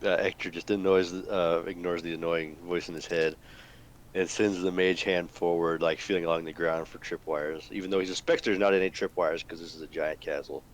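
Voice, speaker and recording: A man's voice: low-pitched, flat delivery, brisk, a little hiss or hum. A man playing a tabletop game, thinking aloud hesitantly and describing his character's actions. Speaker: player. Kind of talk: tabletop game play, casual chat.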